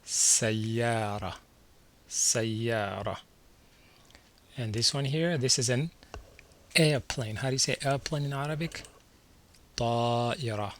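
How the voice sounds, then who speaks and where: A man's voice: mid-range voice, a little slow, pauses often. A man teaching a beginner language lesson over slides, patiently repeating each word and checking in with the learner. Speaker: Arabic teacher.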